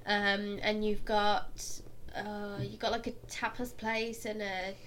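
A young woman, co-hosting a casual chat and telling stories in a lively, animated way. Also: mid-range voice, takes it slowly, slight background noise. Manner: chatty, animated storyteller who mimics people loudly. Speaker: podcast co-host.

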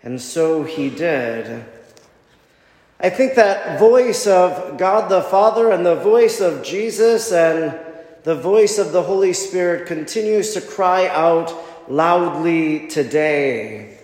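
A man's voice: fairly high pitch, expressive, slow, darkish tone. A man preaching an Easter homily as a priest, reflective and wondering as he reasons aloud. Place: church. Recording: echoey church with long reverb.

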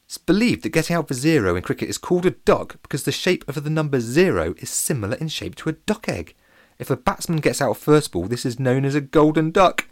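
A man narrating a children's story in a playful, animated and comic way. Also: fairly high pitch, brisk, no room sound.

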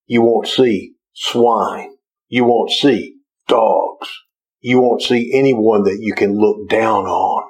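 Slow, earnest male preacher. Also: fairly low pitch, fairly even intonation, darkish tone, poor audio. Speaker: pastor. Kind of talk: sermon.

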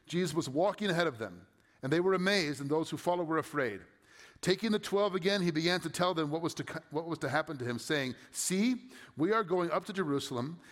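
A man pastor reading scripture and then preaching a sermon in a conversational way, asking his listeners rhetorical questions. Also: a little high. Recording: long hall reverb.

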